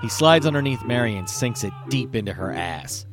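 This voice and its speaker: A man hosting a podcast, casually telling a dirty joke in a profane, animated way. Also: medium pitch, brisk, hardly any pauses, faint music behind. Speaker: podcast host. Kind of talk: casual comedic storytelling.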